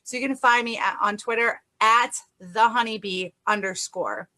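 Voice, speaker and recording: Woman guest on a radio show, bright clear tone, friendly, laughs a lot. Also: a little high, moderate pace. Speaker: guest, documentary maker. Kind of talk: casual radio interview.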